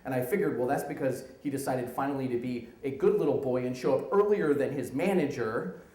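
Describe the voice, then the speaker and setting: A man in his thirties telling a comic work story live on stage, animated, acting out the people in it. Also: mid-range voice, brisk, reverberant, poor audio. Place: stage in a venue.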